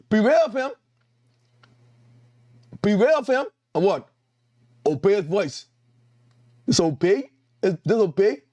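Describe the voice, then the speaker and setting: A man's voice: sits high, darkish tone, no room sound. A man with a Caribbean accent preaching a sermon as an evangelist, emphatic and repetitive, calling out to his congregation. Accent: Caribbean English.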